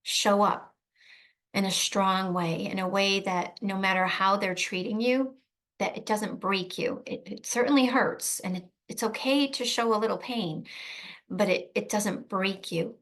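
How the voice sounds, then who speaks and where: In an advice talk to camera, a woman earnestly and emphatically coaches protective parents, often repeating key phrases and checking in with "right?". Her mid-range voice is steady, a little slow, and fairly bright.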